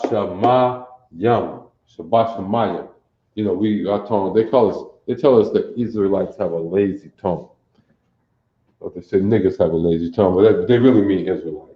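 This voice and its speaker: A low-voiced religious teacher leads a livestreamed Bible class, recorded in an echoey room with the highs cut off. He quizzes his listeners and repeats phrases again and again to drill them.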